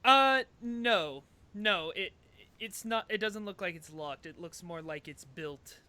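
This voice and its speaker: A man's voice: sits high, takes it slowly, sharp tone. A man running a tabletop game as game master, who laughs easily as he narrates.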